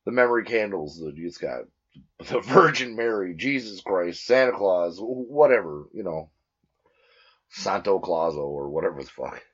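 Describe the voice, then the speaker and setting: A man's voice: low-pitched, expressive, normal speed, husky. A married man co-hosting a podcast in a small home studio, joking crudely and rambling with lots of fillers. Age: adult, married. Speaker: podcast co-host. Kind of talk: casual crude banter. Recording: dull lo-fi recording.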